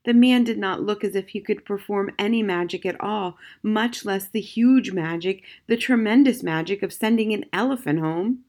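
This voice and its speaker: A woman narrating a children's novel as an audiobook, in a gentle, measured way. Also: mid-range voice. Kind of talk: scripted storybook narration.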